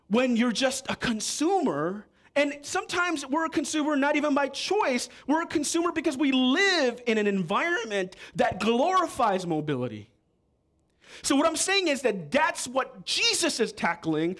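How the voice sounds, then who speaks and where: A man preaching a sermon as pastor, animated and joking with the congregation. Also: very high-pitched. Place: church.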